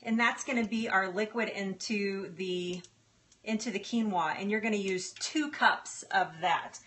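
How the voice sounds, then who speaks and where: A woman speaks at a measured pace in a medium-pitched voice while cooking live in her home kitchen, with a bit of hiss or hum on the recording. She chats brightly with viewers, talks to the food, and offers warm thanks, as faint sizzling and stirring carry on behind her.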